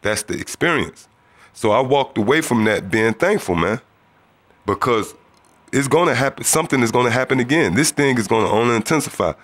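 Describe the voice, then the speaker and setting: A man's voice: mid-range voice, lively intonation, fairly quick, a bit bright. A man telling a religious testimony in a casual storytelling way, acting out the voices of other people. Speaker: testimony speaker.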